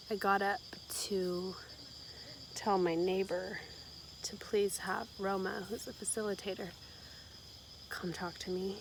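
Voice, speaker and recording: Soft-spoken woman vlogging among crickets. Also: medium pitch. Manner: soft-spoken, often whispering, many "like" fillers. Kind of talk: casual video diary. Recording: clear outdoor insect noise.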